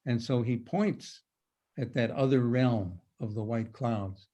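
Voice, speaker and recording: Older man, mellow unhurried lecturer. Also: medium pitch, dull audio. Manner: reads verses slowly and dramatically, then explains them. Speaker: lecturer on poetry. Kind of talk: presentation over a video call. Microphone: video call.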